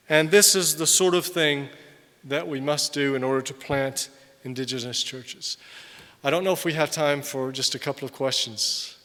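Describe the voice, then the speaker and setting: Man, older, missionary speaker, animated sermon, bright tone, long hall reverb. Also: medium pitch, normal speed. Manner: animated, swings between loud emphasis and quiet asides. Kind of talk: conference sermon. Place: large hall.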